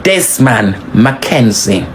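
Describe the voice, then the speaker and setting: A woman with a Jamaican accent giving animated, scolding patois commentary, swinging her pitch up and down for emphasis. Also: drawn-out words, noisy background. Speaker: social media commentator.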